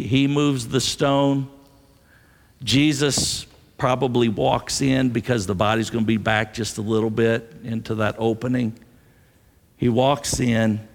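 A man's voice: medium pitch, gravelly. A man preaching a sermon to his congregation, an earnest storyteller who repeats key phrases for weight. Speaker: pastor. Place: church sanctuary. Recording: long reverb of a large hall.

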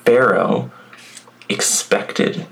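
A man's voice: drawn-out words, a bit bright, poor audio. A man preaching a sermon, reading scripture aloud and then reflecting on it in a conversational way with asides to the congregation. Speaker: pastor.

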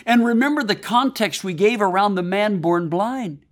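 A man preaching a sermon, paraphrasing scripture and swinging between loud emphasis and hushed drops. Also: high-pitched, expressive, moderate pace, few pauses. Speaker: pastor.

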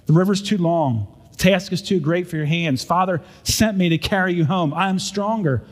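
A patient, kindly eldest brother who offers mercy, read aloud by a man in a fairly high voice, calm and pleading. Long reverb from a large hall trails each phrase. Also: normal speed, lightly acted. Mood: urgent. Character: gentle eldest brother sent by the father, patient and kind.

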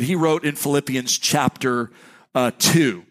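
A man preaching a sermon as a pastor, giving announcements and teaching in an energetic, conversational way with jokey asides. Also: fairly high pitch, normal speed. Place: church sanctuary with congregation.

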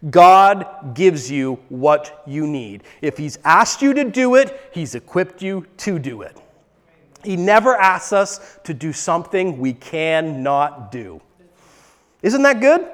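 Very animated yet slow-paced, a man with a strikingly high voice gives an emphatic sermon as pastor, using repeated words for emphasis. He's recorded in a large church hall whose long reverb follows his lines.

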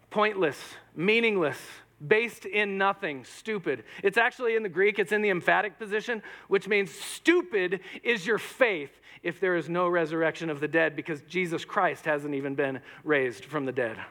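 A man preaching a sermon in a church, animated and joking, acting out quoted lines. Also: high voice, normal speed. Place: church hall with audience. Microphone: microphone.

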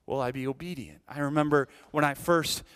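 Male senior pastor, around 40, slightly high voice, earnest sermon delivery with frequent restarts. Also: a little fast, a bit bright, clear, resonant tone. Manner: earnest, frequent restarts and repeated words, keeps asking the congregation "right?".

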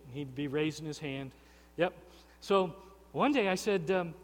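A man's voice: on the high side, measured pace. Earnest man preaching in a church hall. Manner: earnest, repeats words and restarts. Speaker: pastor. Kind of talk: sermon. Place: church sanctuary.

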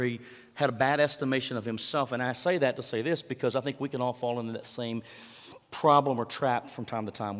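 Man preaching in an echoing hall. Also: medium pitch. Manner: conversational preaching with rhetorical questions and acted quotes. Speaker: pastor. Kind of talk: sermon. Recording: long hall reverb.

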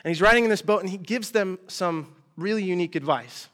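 A man's voice: sits high, a little fast, a bit bright. A man preaching in a casual storytelling style, chatty and slangy, with asides and mock exasperation. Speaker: preacher teaching a group.

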